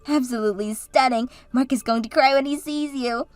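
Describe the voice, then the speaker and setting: A woman's voice: high-pitched, brisk, no echo, soft background music, natural voice. A woman voicing Katie, a bubbly and encouraging sister and maid of honor, in a scripted story drama. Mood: cheerful.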